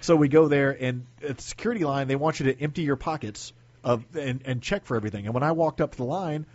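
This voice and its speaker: A man co-hosting a radio talk show, a plainclothes police officer telling quick, chatty anecdotes with stammered restarts. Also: mid-range voice, a little mellow, no echo. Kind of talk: casual radio chat and storytelling. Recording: dull lo-fi radio studio sound.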